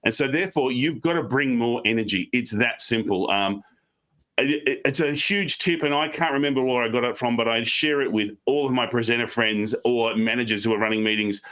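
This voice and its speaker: An Australian man giving online presentation tips on a video call, fast and animated, slipping into quick mock voices. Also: mid-range voice. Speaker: guest speaker.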